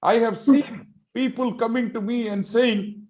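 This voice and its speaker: Man, high-pitched, heated and rhetorical, dull video-call audio. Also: steady tone, unhurried. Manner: emphatic, rhetorical questions, drops to a hush. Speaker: business community representative. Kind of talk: impassioned panel discussion.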